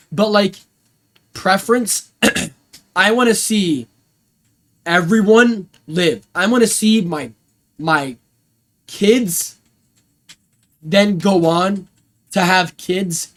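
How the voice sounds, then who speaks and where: A man's voice: high-pitched, fairly bright tone. A young man chatting casually on a stream, rambling in slangy, profanity-heavy talk. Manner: rambling, slangy and full of swearing.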